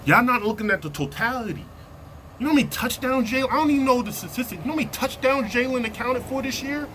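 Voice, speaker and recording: A man vlogging a heated sports opinion rant from inside a vehicle, slangy and worked up, repeating himself and sinking into low mutters. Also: lively intonation, fast talker, fairly bright tone, a little hiss or hum.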